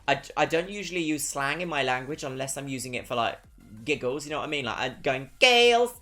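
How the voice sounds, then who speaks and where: A streamer from Brighton with a southern English accent, chatting casually and reading out viewer messages, swinging between perky greetings and dry asides. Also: medium pitch, fast talker, faint music behind. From Brighton, England. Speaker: livestreamer.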